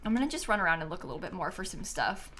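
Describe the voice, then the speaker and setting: A woman game streamer chatting casually with her viewers as she plays, thinking aloud and often breaking into excited squeals and laughs. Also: lowish voice, racing, a little hiss or hum. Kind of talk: casual live-stream chat while playing.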